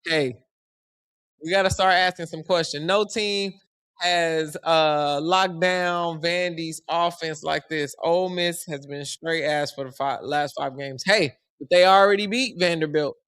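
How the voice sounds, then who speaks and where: Young guy doing a live basketball stream, high voice, joking and slangy, dry close mic. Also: measured pace, smooth, dry recording. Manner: animated, joking, slangy and conversational. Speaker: sports commentary streamer. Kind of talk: casual live-stream sports commentary.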